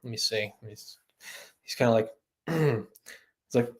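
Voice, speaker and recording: A man's voice: medium pitch, slow, pauses often, breathy edge. Chatty male livestream host. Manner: rambling, laughing, doing impressions of other creators. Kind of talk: live-stream chat.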